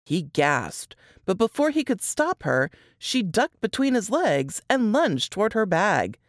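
A woman author reading her own dark fiction aloud in an expressive, measured way, on a close mic. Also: mid-range voice, no room sound.

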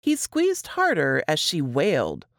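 A woman with a low voice reads her own story, lingering over each phrase. Her delivery is expressive, with lively swings of pitch, and the recording is close and dry. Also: a little slow, gravelly, no room sound. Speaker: author reading her story. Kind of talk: dramatic fiction reading.

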